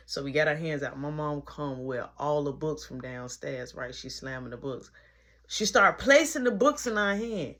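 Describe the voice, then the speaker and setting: Young woman, casual storytime, slangy, animated delivery. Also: low voice, normal speed. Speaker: vlogger.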